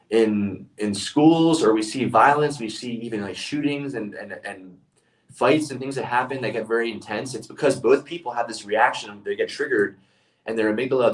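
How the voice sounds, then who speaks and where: A man's voice: medium pitch, distant mic, rough recording. A man speaking as a leadership speaker in a casual monologue, telling stories earnestly and often restarting his phrases.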